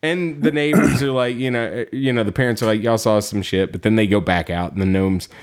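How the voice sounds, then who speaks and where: A man's voice: mid-range voice, steady tone, fast talker, a little mellow. A man co-hosting a podcast, recapping a story in casual chat, rambling with many fillers, laughing and acting out quotes. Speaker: podcast co-host.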